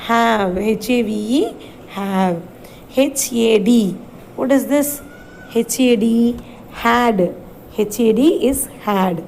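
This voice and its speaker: Indian English woman, schoolteacher voice, slightly high, unhurried spelling drills, faint background hiss. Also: gravelly, darkish tone, rough recording. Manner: slow, spells words letter by letter and asks questions. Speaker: primary school English teacher. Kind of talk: recorded classroom reading lesson for children.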